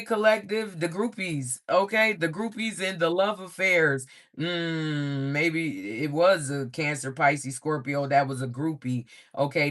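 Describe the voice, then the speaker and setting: Profane, lively man reading tarot cards. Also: a little high. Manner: profane, frequent "okay?" check-ins; animated, laughs often. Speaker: tarot reader.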